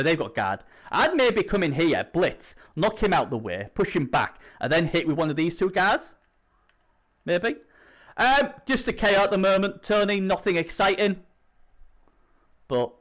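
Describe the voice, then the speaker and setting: Man, live game commentary, lively pitch, chatty and opinionated. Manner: excitable, swings from muttering to shouting; chatty, opinionated, talks to himself.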